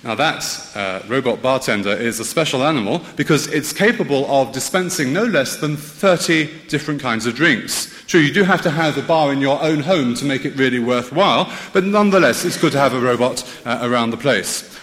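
Male preacher, animated and wry, church-hall reverb. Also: mid-range voice, brisk. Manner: lively, wry storytelling with rhetorical questions. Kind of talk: sermon.

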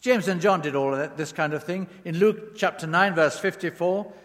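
A man's voice: on the high side, normal speed, a bit bright. A man preaching a sermon, leaning on words with rising and falling emphasis. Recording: long reverb of a large hall.

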